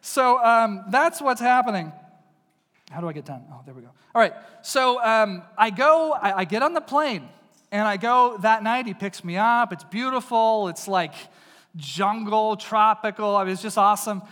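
Male preacher from East Texas, high voice, casual and jokey, big echoing hall. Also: lively intonation, moderate pace, a bit bright. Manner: casual, jokey, addresses the crowd directly. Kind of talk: conversational sermon with personal stories. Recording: long reverb of a large hall.

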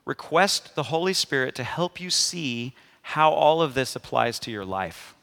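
A man's voice: medium pitch, very animated, a little slow, gravelly, a bit bright, in a large hall. A man preaching a sermon, emphatic, often turning to the congregation with a questioning 'amen?'. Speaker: pastor.

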